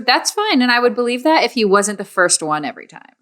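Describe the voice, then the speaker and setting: A woman's voice: on the high side, sing-song, a little fast, fairly bright tone. A young woman co-hosting a podcast, chatting casually and teasing her friend. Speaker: podcast co-host. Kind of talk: casual chat.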